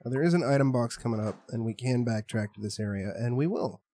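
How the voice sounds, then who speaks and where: A man's voice: medium pitch, fast talker, dark tone, slight background noise. A man streaming a horror game, chatting casually with his viewers in a rambling, profane, joking way. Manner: rambling, profane, jokey, talks to chat. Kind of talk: casual gameplay commentary.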